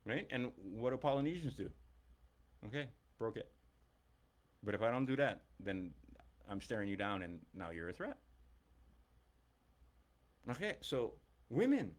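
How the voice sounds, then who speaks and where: Animated middle-aged man ranting. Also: medium pitch, measured pace, pauses often. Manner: emphatic, blunt and profane. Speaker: teacher. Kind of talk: ranting monologue.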